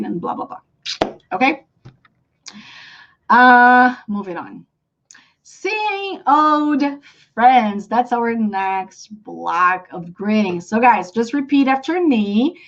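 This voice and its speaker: Lively Brazilian woman teaching English. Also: normal speed, muffled recording. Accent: Brazilian Portuguese. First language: Portuguese. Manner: animated, acts out example phrases with big pitch jumps. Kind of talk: live online English lesson.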